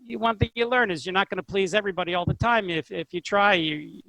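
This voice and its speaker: An older man who loves to talk, expressive and never monotone. His voice sits high for a man. It comes across dry and close, with no room sound around it. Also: quick pace, no room sound, low-quality recording. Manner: talkative and expressive, not monotone. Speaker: chess instructor, interview guest. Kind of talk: casual interview chat.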